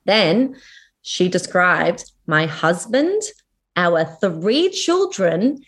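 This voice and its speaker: A woman's voice: on the low side, very animated, drawn-out words, breathy edge. A young adult Australian woman chatting casually as a podcast guest, telling a story and acting out the quoted lines. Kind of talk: casual chat.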